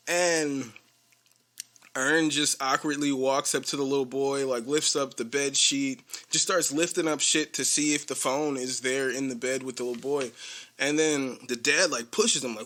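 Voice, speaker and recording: A man's voice: mid-range voice, moderate pace, sharp tone. A man hosting a podcast, casually retelling a TV episode in a rambling way and acting out the characters' lines. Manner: rambling, acts out quoted lines, laughs often. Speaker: podcast host.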